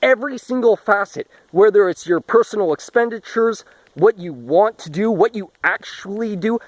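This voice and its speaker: High-voiced man on a profane rant. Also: dry recording, low-quality recording. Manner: profane, contemptuous ranting. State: a bit out of breath. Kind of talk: ranting monologue to camera.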